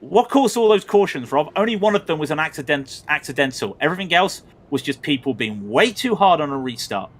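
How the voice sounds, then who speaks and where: Male race commentator, high and lively, excitable and ranting. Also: brisk, few pauses. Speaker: sim racing commentator.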